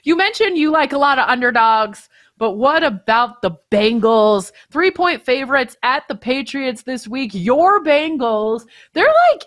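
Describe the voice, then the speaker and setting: A woman's voice: sits high, lively intonation, a little slow, a bit bright. A woman on a sports betting panel, asking about picks and laughing easily. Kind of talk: casual sports betting chat.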